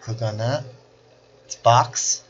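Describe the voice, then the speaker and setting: A man teaching a software class, walking through each click step by step in a screen-recorded tutorial. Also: medium pitch, slow, husky, dull audio. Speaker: instructor.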